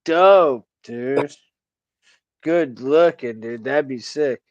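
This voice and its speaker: A man's voice: mid-range voice, very slow, no echo, highs cut off. A man hosting a casual chat, laid-back, swearing freely and laughing often. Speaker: host.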